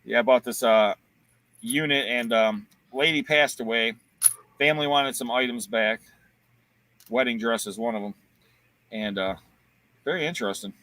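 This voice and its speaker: A man's voice: medium pitch, normal speed, pauses often, fairly bright tone. A man from Ohio hosting a casual livestream, joking around and reading viewer comments aloud. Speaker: livestream host and auctioneer.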